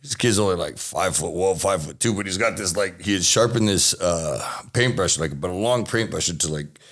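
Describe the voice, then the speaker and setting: A man's voice: sits low, normal speed, a bit bright. A man from Texas telling a rambling, swearing story as an interview guest.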